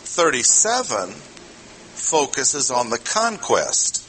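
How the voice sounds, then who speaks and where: A man preaching to a congregation in a bright, forceful voice. He keeps it conversational and stops to ask his listeners questions. A faint background ambience sits under his words. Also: medium pitch, wildly swooping pitch, slow, slight background noise, poor audio. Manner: conversational, asks the audience questions. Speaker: pastor. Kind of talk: expository sermon.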